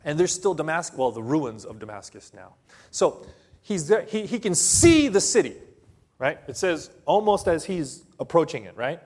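A man preaching a sermon to a congregation, telling a story slowly and dramatically with sudden loud bursts. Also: fairly high pitch, very animated.

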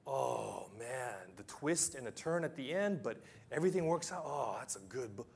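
A man preaching a sermon as pastor, emphatic, with long pauses, building to loud peaks and then dropping low. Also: lively intonation, husky. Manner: acts out simple illustrations with sound effects.

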